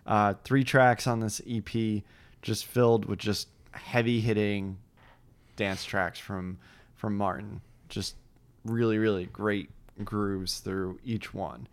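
A man's voice: lowish voice, steady tone, slow pace, smooth. A man hosting a casual podcast, upbeat and chatty, rambling with fillers and frequent laughs. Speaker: podcast host.

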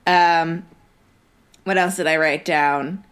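A woman's voice: low voice, steady tone, slow pace, a bit bright, clear, resonant tone. A young woman co-hosting a podcast in casual chat, rambling along with lots of fillers and restarts. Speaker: podcast co-host.

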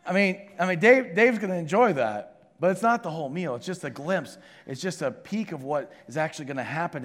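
A man preaching a sermon to a congregation, shifting between loud emphasis and hushed intensity. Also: a little high. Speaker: pastor. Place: church sanctuary with congregation. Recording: long hall reverb from a sanctuary.

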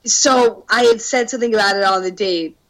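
A young woman telling a dating story in casual podcast chat. She is animated, swears freely and laughs through her words. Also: mid-range voice, fairly quick, poor audio.

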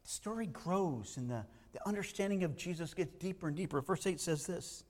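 Animated preacher in a reverberant hall. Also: male voice, a little high, a little fast. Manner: animated preaching, swings between loud emphasis and hushed asides. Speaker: pastor. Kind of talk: sermon.

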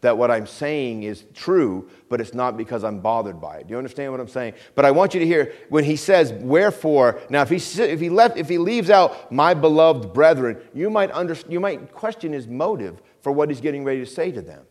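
A middle-aged pastor in a church gives a conversational sermon at a mid-range pitch. He talks calmly and plainly, often sinking to a quiet, low voice, repeating phrases and checking in with his listeners. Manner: calm, measured, often drops to a quiet low voice; asks the congregation questions and repeats phrases. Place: church sanctuary.

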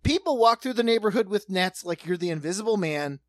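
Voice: mid-range voice, animated, fairly quick, dry recording. A podcast co-host in casual comedic banter who laughs a lot and acts out little scenes with quoted voices.

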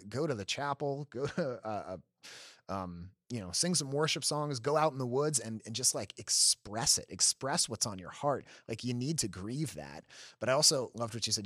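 A man's voice: medium pitch, a bit bright, slightly rough, no echo, studio quality. A man hosting a podcast, talking earnestly in a casual faith conversation, restarting often and laughing easily. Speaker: podcast host.

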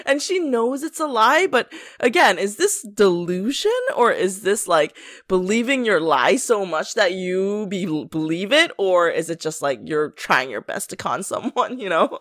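A chatty woman co-hosting a podcast, breaking into laughter as she retells a story. Her voice sits at a middle pitch, and the sound is dry and close. She slips into quick mimicked lines along the way. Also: dry recording. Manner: laughs often, animated retelling with mimicked quotes. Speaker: podcast co-host. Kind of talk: casual chat.

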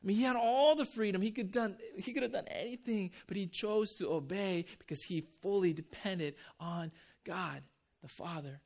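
A man preaching a conversational sermon as pastor. He tells stories with energy and drops to a soft, quiet voice for reflective points. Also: sits high, moderate pace. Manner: conversational, animated when telling stories.

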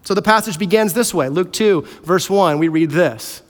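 A man preaching a sermon as pastor, animated and playfully acting out characters. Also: high voice, normal speed. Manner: animated, acts out voices of characters. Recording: hall reverb.

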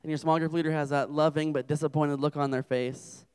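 A man's voice: fairly high pitch, flat delivery, a little fast, darkish tone, clear, resonant tone. A young adult man preaching a humorous sermon to a campus group, telling self-deprecating stories as a father. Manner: joking, self-deprecating storyteller.

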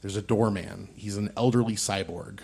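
A man's voice: on the low side, steady tone, moderate pace, vocal fry, darkish tone, breathy edge. A man narrating as game master of a tabletop game, playful and improvising as he goes.

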